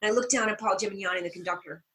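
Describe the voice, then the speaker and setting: A woman's voice: rapid-fire, slight background noise, rough recording. A middle-aged woman, a stage actor, telling a story in a casual interview and acting out the lines she quotes. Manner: animated storyteller, acts out quoted lines with big pitch jumps.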